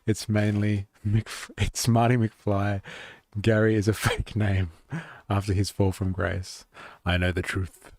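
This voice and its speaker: A man reacting to a documentary on his livestream, joking and irreverent, and swearing casually. His voice is low, and the sound is dry and close. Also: flat delivery, takes it slowly, darkish tone, no echo.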